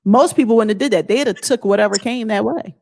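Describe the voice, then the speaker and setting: A woman's voice: medium pitch, quick pace, vocal fry, a little mellow, a little hiss or hum. Blunt woman vlogger, emphatic. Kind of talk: casual motivational talk.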